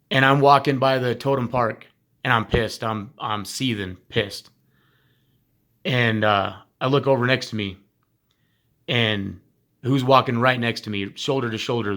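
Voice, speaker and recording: A man's voice: medium pitch, sharp tone. A man, a former teacher, giving a heartfelt, informal recorded message to graduates, emphatic and blunt with casual swearing.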